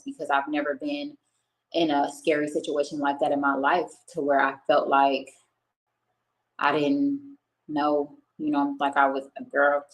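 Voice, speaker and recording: Over a rough recording from her home streaming setup, a young streamer shares a personal experience with her viewers. Her low voice carries a candid, emotional story full of casual swearing as she chats.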